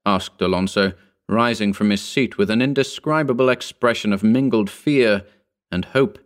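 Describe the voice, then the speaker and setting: A man reading an old story aloud in a measured, formal narration. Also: fairly low pitch. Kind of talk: scripted narration.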